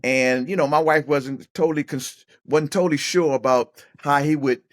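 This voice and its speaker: A man's voice: on the high side, normal speed. A middle-aged man, a former football player turned coach, telling personal stories as a podcast guest, often restarting his words. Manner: animated storyteller who acts out other people's voices; repeats and restarts words while thinking. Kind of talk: casual storytelling interview.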